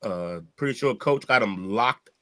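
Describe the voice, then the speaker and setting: A man's voice: on the low side, animated, a little slow, pushed and bright. A man hosting a casual sports show with friends, loose and joking, swearing often. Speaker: sports podcast host.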